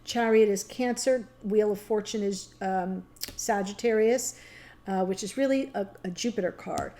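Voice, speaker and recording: A woman's voice: on the high side, dark tone. Earnest woman reading tarot to viewers. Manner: earnest, emotional, talks directly to viewers. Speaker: tarot reader. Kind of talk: casual tarot reading to camera.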